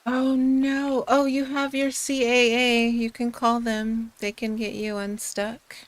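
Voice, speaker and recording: A woman's voice: on the high side, flat delivery, slow pace, low-quality recording. A woman streamer chatting casually and giggling often as she talks. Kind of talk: casual chat.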